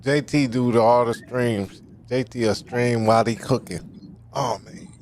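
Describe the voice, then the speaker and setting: A man's voice: mid-range voice, steady tone, unhurried, darkish tone, a little hiss or hum. A man in casual panel talk, bantering loosely and teasing the others by name.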